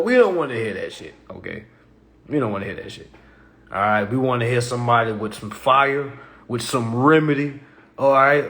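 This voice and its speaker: Emphatic man ranting on a livestream. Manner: emphatic, fillers like all right and okay; swings from low-key to loud animated bursts. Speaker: livestream host. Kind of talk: casual livestream monologue.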